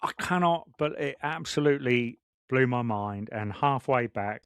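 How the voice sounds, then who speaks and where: Man, podcast co-host, excitable rambling chat, mid-pitched, dry close sound. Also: moderate pace, clear, resonant tone, no echo. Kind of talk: casual chat.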